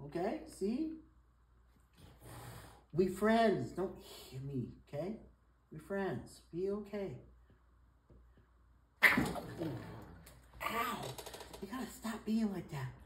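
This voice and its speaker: A woman talking softly to her cat at home, coaxing and soothing it with repeated reassurances. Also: medium pitch, very animated, takes it slowly, long pauses, noisy background. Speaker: cat owner. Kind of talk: talking to a pet. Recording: roomy, from away from the mic.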